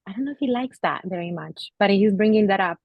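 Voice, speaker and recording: A woman giving a psychic reading to an audience member, speaking gently and hesitantly with many pauses and fillers, and getting emotional. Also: mid-range voice, expressive, no room sound, lo-fi sound. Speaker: psychic medium.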